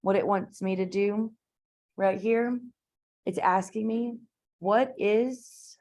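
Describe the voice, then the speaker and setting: A woman's voice: mid-range voice, steady tone, slow, darkish tone. A woman, teaching a math class in a classroom, chatty and informal with lots of asides and fillers. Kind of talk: classroom lecture.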